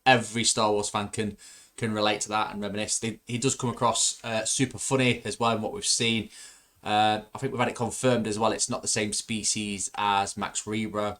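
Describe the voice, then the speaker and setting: A man with a fairly low voice co-hosts a relaxed fan chat show. He talks eagerly, piling on fillers and restarting his sentences as he goes. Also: normal speed. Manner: enthusiastic, frequent fillers and restarts. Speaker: podcast co-host.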